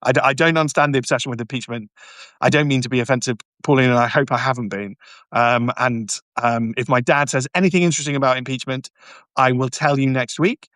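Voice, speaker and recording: A man's voice: mid-range voice, steady tone, fast talker, a bit bright, dry recording. A barrister hosting a live stream, talking emphatically and often stumbling and restarting as he answers viewers' comments. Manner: mocking, sarcastic asides.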